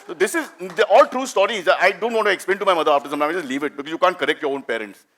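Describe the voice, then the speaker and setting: A middle-aged man with an Indian English accent, doing animated stand-up storytelling and teasing the audience. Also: high voice, very fast. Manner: animated, chatty, teases the audience. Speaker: stand-up comedian.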